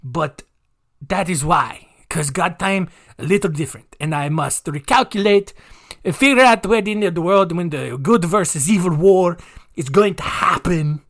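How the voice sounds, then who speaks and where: A man voicing a bossy male cult leader who explains away his mistakes, in a vague put-on accent, halting and repetitive. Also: sits high, expressive, a bit bright, pitched above the performer's own voice. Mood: pompous, bossy.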